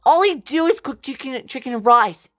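A woman's voice: high voice, expressive, moderate pace, a bit bright. Carlene, a woman playing a whiny begging daughter. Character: pleading, sulky adopted daughter, young woman. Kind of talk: amateur home-made family drama.

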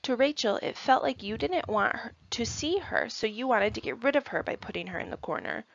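A woman reading aloud voices a patient, gentle school counselor who explains things calmly to a child. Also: fairly high pitch, brisk, gravelly, dry recording, lo-fi sound.

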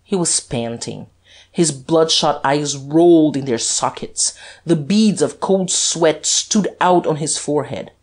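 Low, slow-reading woman narrator. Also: a little mellow. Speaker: audiobook narrator. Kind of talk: scripted narration.

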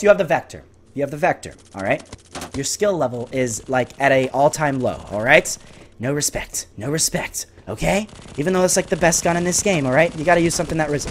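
A man with a slightly high voice narrates his gameplay as it happens. He is excitable, bursting into frustrated yelps and then dropping into low muttering. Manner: excitable, swings between frustrated outbursts and muttering. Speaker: gaming YouTuber. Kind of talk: live gameplay commentary.

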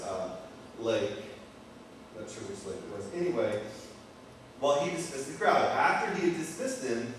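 A man preaching in a loose, conversational way, sprinkling asides and "okay?" through his retelling. His voice sits in a middling register. It reaches the mic from a distance and rings in a very echoey hall with a faint hiss behind it. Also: mid-range voice. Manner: casual, chatty retelling with asides and okays. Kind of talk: informal sermon.

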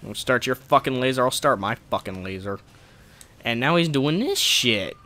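A man's voice: medium pitch, animated, normal speed, pushed and bright. A man giving profane, sarcastic gameplay commentary, ranting at a boss fight. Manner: profane, ranting frustration at the game. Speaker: let's play gamer.

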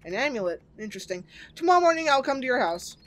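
A woman voicing a calm male priest who speaks in a measured, formal way in a video game. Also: high-pitched.

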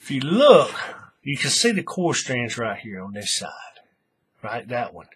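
A man's voice: mid-range voice, sing-song, measured pace, fairly bright tone, husky. A man hosting a casual craft tutorial, thinking aloud as he works and often restarting his sentences. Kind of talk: casual how-to demonstration.

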